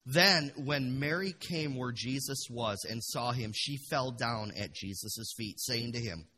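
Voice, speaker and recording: A man pastor preaching a passionate sermon in a church, dropping to a hush and then rising to loud bursts. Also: mid-range voice, measured pace, few pauses, slight background noise. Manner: passionate, swings from hushed to loud.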